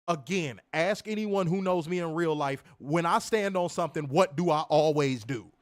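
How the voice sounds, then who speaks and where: Angry high-voiced man ranting. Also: moderate pace, few pauses. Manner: angry, emphatic, profane. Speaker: wrestling show co-host. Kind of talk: heated profane rant on a stream.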